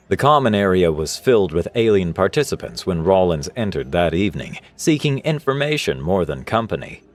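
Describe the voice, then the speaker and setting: A man reading a scripted science-fiction story in a steady, expressive way. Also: low voice, fairly quick, few pauses, no echo. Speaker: narrator. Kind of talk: scripted sci-fi story narration. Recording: narration over faint music. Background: faint music.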